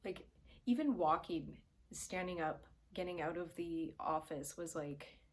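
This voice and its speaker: A woman's voice: lowish voice, a little slow. A young woman telling a story in a casual, rambling way, full of "like" and "um", sometimes dropping to a whisper, recorded at home on a camera aimed at her face. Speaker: vlogger.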